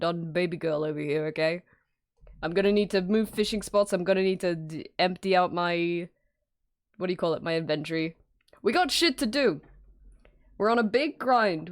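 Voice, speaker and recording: A woman streaming live in casual chat, greeting viewers by name and laughing often as she works from home. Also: mid-range voice.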